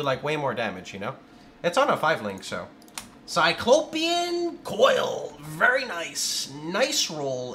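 Excitable male game streamer, lively swooping delivery, yells commands, swears freely. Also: mid-range voice, a little hiss or hum. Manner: excitable, yelling out moves, swearing and laughing. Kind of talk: live gameplay commentary. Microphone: studio condenser microphone.

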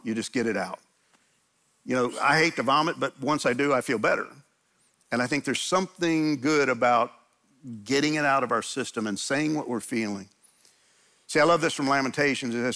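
A man's voice: medium pitch, fairly bright tone. A man pastor preaching a sermon in a church, conversational and emphatic, often restarting his sentences.

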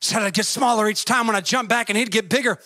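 Male preacher, very high, bright voice, fervent sermon delivery with shouted peaks and folksy storytelling. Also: fast, dry recording. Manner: fervent, rising to shouts and singsong.

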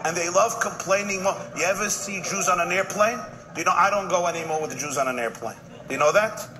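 A man, a rabbi, giving a humorous live speech with punchy jokes, quick asides and repeated punchlines. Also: sits high. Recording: noisy live event recording.

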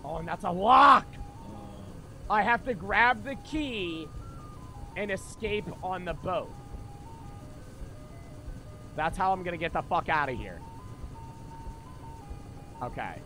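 A man's voice: high-pitched, expressive, slow, pauses often, bright, forceful tone, faint music behind. Jittery swearing young gamer man. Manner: jumpy, swears a lot, talks to chat. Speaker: gaming commentator. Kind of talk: horror game let's play commentary.

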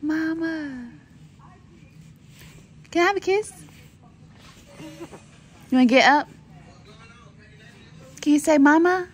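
A mother gently coaxing her young son to say words, repeating them softly, in a hospital room. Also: high-pitched, slow, pauses often, a little hiss or hum. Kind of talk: baby talk with her son.

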